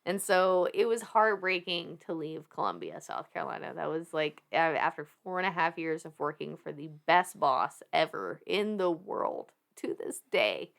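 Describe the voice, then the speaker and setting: A woman in her thirties with a Southern US accent, a podcast guest telling her story in animated casual talk, laughing often and swearing freely. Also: low voice, moderate pace, vocal fry, hardly any pauses.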